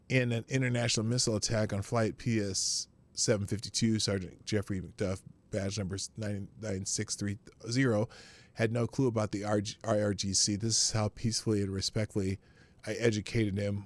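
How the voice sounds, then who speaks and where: A man hosting a political livestream, crude and rambling, now and then breaking into shouted outbursts. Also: on the low side. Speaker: livestream host. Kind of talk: profane political commentary.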